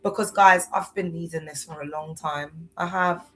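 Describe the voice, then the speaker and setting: A woman's voice: low-pitched, steady tone, moderate pace, a bit bright, low-quality recording. A woman in her thirties, unwell, chatting loosely on a live stream about faith, with many fillers. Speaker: livestream host.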